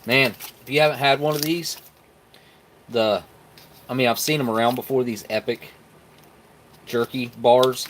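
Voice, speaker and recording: A man's voice: medium pitch, steady tone, a little slow, long pauses, a bit bright, a little hiss or hum. Folksy man chatting on a live stream. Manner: chatty, folksy, talks to viewers while tasting. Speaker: live stream host reviewing military rations. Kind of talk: casual live-stream chat.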